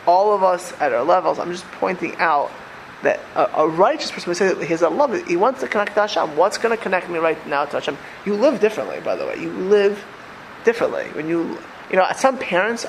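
Older man, high voice, religious teacher, chatty lecture, repeats himself, rhetorical questions. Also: gravelly, slight background noise, poor audio. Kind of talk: Torah class lecture.

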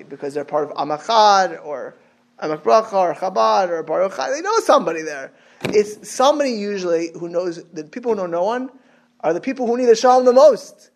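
A man's voice: high-pitched, gravelly. A man giving an informal Torah class, chatty and repetitive, dropping in Hebrew and Yiddish terms.

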